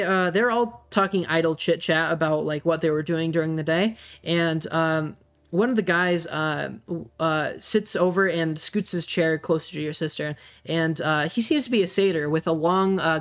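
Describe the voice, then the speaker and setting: A game master describing the scene in a hesitant, meandering way, with frequent pauses, over soft music. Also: medium pitch. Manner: hesitant, many fillers. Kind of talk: narrating a tabletop game.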